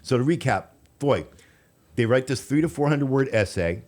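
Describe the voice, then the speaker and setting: A man's voice: mid-range voice, lively intonation, normal speed, a little mellow. A man hosting a radio talk show, chatty and coaching, who often trips over his words. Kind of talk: casual radio interview chat.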